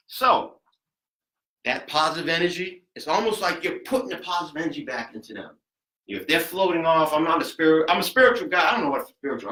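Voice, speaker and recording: A man teaching a CPR class, chatty and rambling, counting compressions out loud and getting out of breath. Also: on the high side, rough recording. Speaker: CPR instructor. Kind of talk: hands-on class demonstration.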